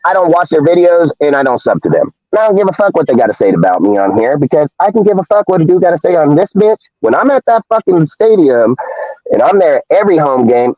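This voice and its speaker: A man's voice: on the high side, no room sound. A man hosting a live show, ranting in a heated, profane, confrontational way. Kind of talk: live-stream rant. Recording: dull lo-fi dry stream audio.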